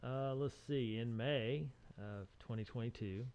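A man's voice: medium pitch, unhurried, a little mellow, clean tone. A man co-hosting a casual tech podcast, cracking teasing jokes between news items. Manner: jokey, teasing banter. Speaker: podcast co-host. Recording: dull lo-fi sound.

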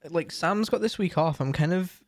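A man's voice: on the high side, moderate pace, no room sound, clean studio sound. A young man chatting casually as a streamer, rambling with lots of fillers and restarts. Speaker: streamer and co-host. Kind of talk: casual chat.

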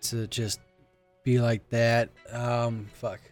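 A man's voice: mid-range voice, level tone, slow. Casual male host, loose and rambling, swears, faint music underneath. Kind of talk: casual solo chat.

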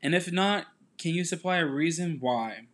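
A young man co-hosting a podcast, talking loud and blunt in casual chat. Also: a little high, expressive, moderate pace. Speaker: podcast co-host.

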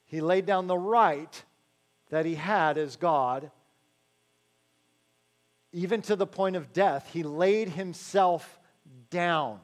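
A man preaching a sermon in a conversational way, slowing down to stress key phrases and adding joking asides to the congregation. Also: high-pitched. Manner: slows to stress key phrases, then rattles along quickly. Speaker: pastor.

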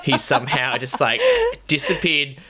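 A podcast co-host in casual chat, animated, laughing often and full of fillers. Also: mid-range voice, moderate pace, a little hiss or hum.

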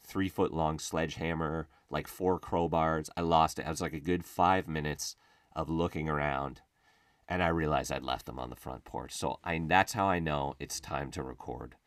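A man with a very low voice rants through a casual comic monologue, sarcastic and freely profane. The sound is dry and close, with no room echo. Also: steady tone, normal speed. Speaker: podcast host.

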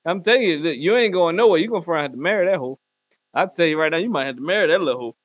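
A man delivering a loud, profane comedic rant and often slipping into mock voices. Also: on the high side, lively intonation, very fast, no echo. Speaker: comedy podcast host. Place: Northwest Arkansas.

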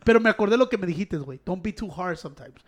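A man in casual chat, telling animated stories full of quoted voices and swearing, switching between Spanish and English. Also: high voice, racing.

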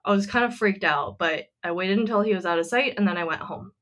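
A woman's voice: medium pitch, fast talker, fairly bright tone. Chatty woman retelling a story. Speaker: podcast co-host. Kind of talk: casual chat, retelling a listener story.

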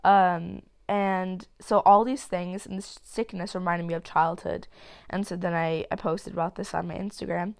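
A woman's voice: lowish voice, steady tone, normal speed, creaky, darkish tone. A nineteen-year-old woman hosting a solo podcast, rambling candidly with plenty of fillers and casual swearing while getting over a cold. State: sick with a cold. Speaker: podcast host.

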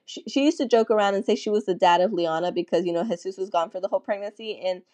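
A woman's voice: medium pitch, quick pace, a little mellow, dry recording. A young adult woman telling a candid personal story in casual chat, acting out the voices of people she quotes. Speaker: podcast guest.

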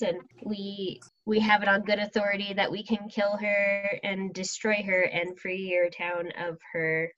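A woman's voice: lowish voice, a bit bright. A woman player speaking in character in a tabletop game, rambling and explaining in a rush of clauses. Her voice comes through dull, lo-fi video call audio. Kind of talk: in-character tabletop role-play.

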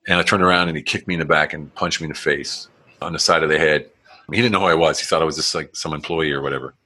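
A man's voice: extremely low pitch, steady tone, rapid-fire, bright, forceful tone. A man in his forties, a guest telling his life story in casual, blunt, rambling talk with plenty of swearing and acted-out quotes. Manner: frequent restarts and fillers, acts out quotes.

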